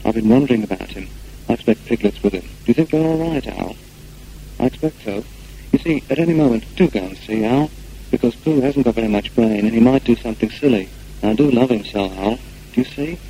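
An earnest, fond young boy from a storybook, voiced by a man who raises his tone into an eager, boyish lilt. The voice stays soft and mellow rather than sharp. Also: medium pitch, animated, brisk, slight background noise, lightly acted, poor audio. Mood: anxious.

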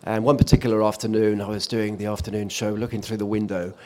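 A man's voice: fairly low pitch, little pitch movement, quick pace, noisy background. Man recalling a storm at sea. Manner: vivid storytelling with frequent fillers and restarts. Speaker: former offshore radio presenter. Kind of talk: reminiscing in conversation.

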